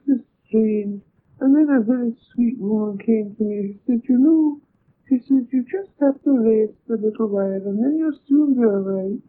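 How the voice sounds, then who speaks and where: An older woman with a Scottish accent, gently recounting a personal story in a wondering, quietly emotional way. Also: a little high. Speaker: interviewee. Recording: tinny lo-fi tape with faint hiss.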